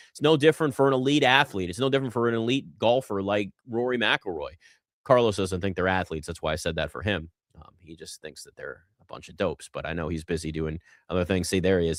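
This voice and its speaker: A male sports talk host with a mid-pitched voice that swings up and down as he gets going. He talks loosely and conversationally, and the sound is dry and close with no room around it. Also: no echo. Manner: animated, conversational, addresses chat and co-worker. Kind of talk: solo sports talk commentary.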